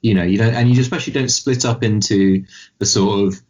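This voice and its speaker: A man co-hosting a podcast, chatting casually and rambling about a film with animated asides. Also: on the low side, brisk. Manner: rambling, animated, mimics voices in quotes. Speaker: podcast co-host. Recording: dull lo-fi podcast mic.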